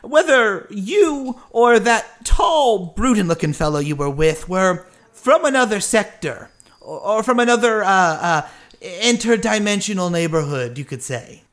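A man's voice: sits high, lively intonation, a bit bright, voice pushed up. A man voicing a pompous, genteel male interdimensional traveler who speaks in a florid, formal way. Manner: florid, formal, drawn-out speech.

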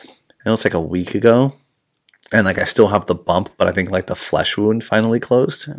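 A man's voice: lowish voice, normal speed. A man hosting a casual podcast chat as a jiu-jitsu instructor, rambling, swearing and laughing often.

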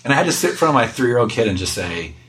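A man's voice: medium pitch, sing-song, rapid-fire, a bit bright, a little hiss or hum, poor audio. A middle-aged man, a guest, giving earnest, self-deprecating conversational answers about parenting in an interview.

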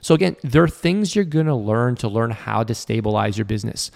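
Earnest man coaching entrepreneurs, slightly gravelly. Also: a little fast, a little mellow. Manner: earnest, coaching tone, acts out quoted people with lowered voice. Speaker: podcast host. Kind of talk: motivational podcast monologue.

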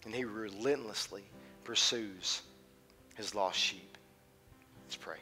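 Man, 30s, pastor, sermon, passionate, loud to hushed, bright voice, faint music behind. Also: on the low side, slow pace. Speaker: teaching pastor.

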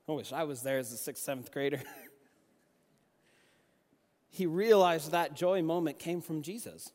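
Young man, preaching, storytelling, slightly high voice, echoing hall. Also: normal speed, pauses often. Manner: conversational, animated storytelling with restarts. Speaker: youth pastor and junior high basketball coach. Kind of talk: sermon with personal stories.

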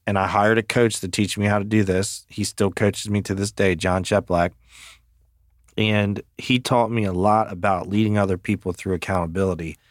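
A male podcast host with a lowish voice talks in a blunt, emphatic way, swearing freely as he tells stories about leading people. The sound is close and dry, with no room around it. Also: no echo. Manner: blunt and profane, emphatic storytelling. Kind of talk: casual chat.

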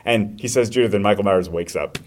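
Male podcast host, slightly low voice, lively storyteller who slips into character voices. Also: fairly quick. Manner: animated storyteller acting out scenes in voices. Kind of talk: casual movie discussion.

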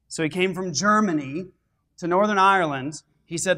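A middle-aged male pastor telling his congregation a story in a sermon, animated and getting louder when excited. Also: sits high, normal speed.

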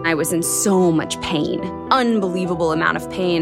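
A woman's voice: lowish voice, fairly even intonation, normal speed, few pauses. A young adult woman telling her own story in an earnest, emotional, candid way, as a podcast guest. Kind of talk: personal storytelling. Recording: music bed behind the voice.

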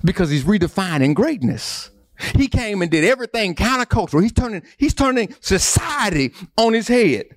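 A man's voice: high-pitched, very animated, moderate pace, no room sound. A man preaching a sermon, repeating phrases and building emphasis. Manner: preaching with repetition and rising emphasis. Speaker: pastor.

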